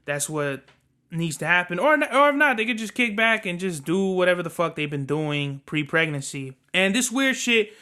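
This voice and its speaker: A podcast host talks alone in casual commentary, rambling through his opinions in a loose, slangy, often profane way. His voice is bright, tense and smooth, pitched a little above the usual for men.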